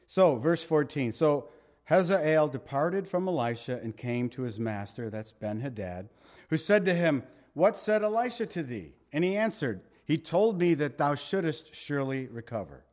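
A man preaching an expository Bible sermon, his voice sitting slightly high for a man. He tells the story in an animated, conversational way. He slows down deliberately to read scripture and drops his voice low for emphasis. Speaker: pastor.

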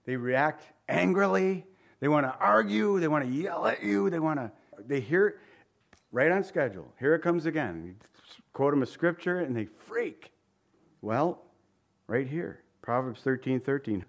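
A middle-aged man preaching a sermon, animated, jumping to high pleading voices for prayers and dropping low and soft for asides. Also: moderate pace, creaky.

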